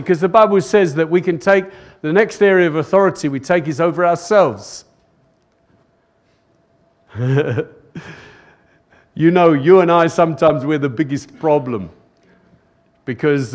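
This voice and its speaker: An older pastor preaches to a live church congregation, repeating phrases for emphasis and calling "Amen?" out to the room. His voice is on the high side, and the service was recorded live.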